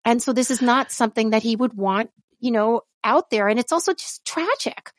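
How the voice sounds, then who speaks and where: A woman's voice: on the high side, lively intonation, normal speed, dry recording, clean studio sound. A woman co-hosting a podcast, chatting casually, rambling, trailing off mid-thought and laughing often. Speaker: podcast co-host. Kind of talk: casual chat.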